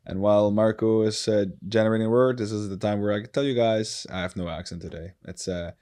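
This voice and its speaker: A man's voice: lowish voice, fairly even intonation, fairly quick, a little mellow. A young man from the Netherlands co-hosting a casual comedy podcast, rambling and joking, often correcting himself mid-sentence. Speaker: podcast co-host.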